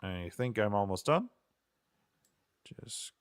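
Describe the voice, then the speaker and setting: Chuckling frequently, a young man who designs games rambles self-deprecatingly and chats casually while streaming his programming. His voice is fairly low and unhurried, and the recording is dry.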